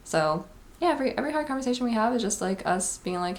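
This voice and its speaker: A woman's voice: a little high, expressive, fast. A woman, talking casually and earnestly in a confessional vlog, full of "like" and advice. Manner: chatty, heavy use of "like", earnest advice-giving. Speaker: vlogger.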